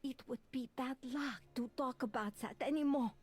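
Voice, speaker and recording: An actress playing a fearful, secretive elderly Creole woman in a mystery game, with a French-tinged Creole English accent and a breathy voice that drops to whispers. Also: high-pitched, normal speed.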